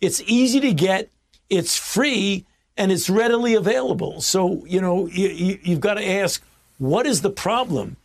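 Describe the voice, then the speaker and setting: A man's voice: high voice, animated, unhurried. An older man, a public health official, speaking emphatically and with exasperation as he stumbles over repeated words. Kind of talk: press remarks.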